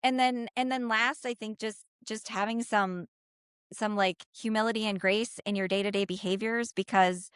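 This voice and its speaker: A woman with a Minnesota accent, a guest on a podcast, talking in a lively casual way with lots of "like" and "you know". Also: medium pitch, normal speed, clear, resonant tone, no room sound, clean studio sound. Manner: animated, talks with her hands in words, lots of "like" and "you know".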